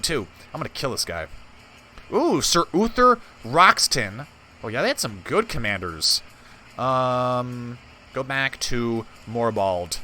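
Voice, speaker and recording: A man's voice: medium pitch, bright, forceful tone. A man giving casual commentary on a strategy game, chatty, talking to his viewers and laughing easily. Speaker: gameplay host.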